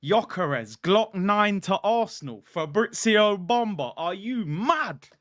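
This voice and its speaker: Excited guy hosting a football stream, highish voice, dry close sound. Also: takes it slowly, dry recording. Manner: hyped, slangy, jokey. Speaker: football channel host. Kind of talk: casual livestream chat. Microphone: streaming mic.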